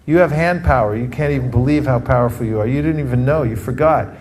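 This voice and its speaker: A man from California teaching a live group in an energetic workshop style, calling for responses from the audience. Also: mid-range voice, quick pace. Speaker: teacher leading a training session. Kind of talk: interactive workshop talk.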